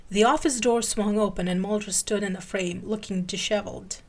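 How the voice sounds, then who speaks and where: Woman host reading fanfic out loud, expressive, bit of vocal fry, mid pitch. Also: fairly quick. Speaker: podcast host and reader. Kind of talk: dramatic reading of fan fiction.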